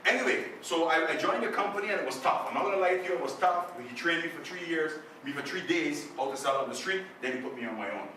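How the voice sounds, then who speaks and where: A man's voice: fairly high pitch, quick pace, few pauses. A man giving a motivational talk to a club, telling a story and acting out the voices in it. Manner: animated storyteller, acts out quoted voices. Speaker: guest speaker. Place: club meeting room. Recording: echoey room, distant mic, faint noise.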